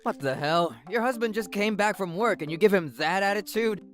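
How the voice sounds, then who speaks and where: A woman voicing a surly, drunken husband who talks in a gruff, dismissive way. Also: medium pitch, brisk, faint music behind, close to an everyday voice. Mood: angry. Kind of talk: scripted story narration.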